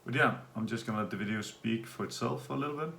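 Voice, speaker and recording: A man from Denmark talks through a casual video update in a loose, rambling way. His voice sits low and has a gravelly edge. He is recorded in an echoey room with a faint hum of ambience behind him. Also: quick pace. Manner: relaxed, rambling, with fillers. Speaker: vlogger.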